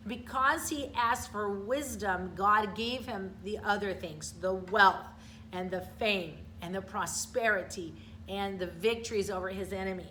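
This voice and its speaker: A woman's voice: mid-range voice, pushed and bright, a little hiss or hum. A middle-aged woman teacher giving an online grammar lesson, explaining patiently step by step and checking in with her students.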